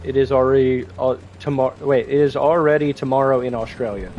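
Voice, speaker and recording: A man's voice: mid-range voice, moderate pace, a little mellow, dull audio, a little hiss or hum. A man streaming a tank game, casually chatting and joking while reading viewer messages aloud. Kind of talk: casual gaming livestream chat.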